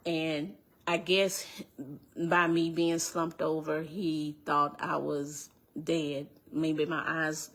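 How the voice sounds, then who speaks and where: Slow, low-voiced woman telling her testimony. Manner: earnest, repeats phrases, halting restarts. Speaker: speaker giving a personal testimony. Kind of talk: emotional personal storytelling.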